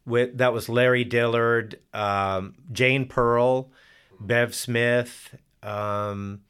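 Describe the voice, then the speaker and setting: Very slow and steady, an older musician guest talks at medium pitch with a smooth, fairly bright tone. Telling casual stories in an interview, he rambles and keeps restarting, filling gaps with fillers.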